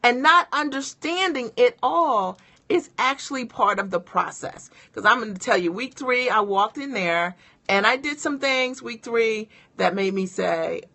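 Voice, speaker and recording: Bright-voiced woman coaching with energy. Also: on the high side, a little slow. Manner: energetic and encouraging, addresses viewers directly. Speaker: business coach. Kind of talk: motivational live-stream talk.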